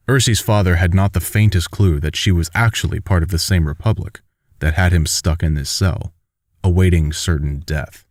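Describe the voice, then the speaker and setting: A man with a deep, low voice reads a fan-made audiobook steadily and evenly. The sound is close and dry, with no room around it. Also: normal speed, darkish tone, no room sound. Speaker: audiobook narrator.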